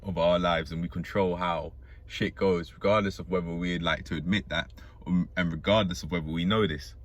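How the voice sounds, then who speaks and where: A man with a very low voice thinks out loud, drifting between ideas and swearing casually as he goes. He sounds as though he is talking to himself more than to an audience. He speaks from the seat of a parked car. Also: steady tone, normal speed. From Britain. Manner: musing, profane, talks to himself and jokes. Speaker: vlogger. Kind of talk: rambling self-talk monologue.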